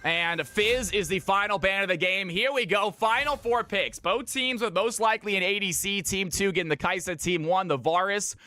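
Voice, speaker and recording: A man's voice: sits high, normal speed, few pauses, sharp tone, no room sound. A man from California hosting a live game stream, commentating picks and greeting viewers by name in an upbeat way. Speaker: streamer casting viewer games.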